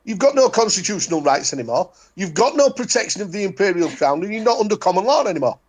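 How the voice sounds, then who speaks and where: A man's voice: high-pitched, sing-song, fast talker. A man with a Yorkshire accent talking in casual chat, making blunt, repeated declarations. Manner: emphatic, repetitive, declaring.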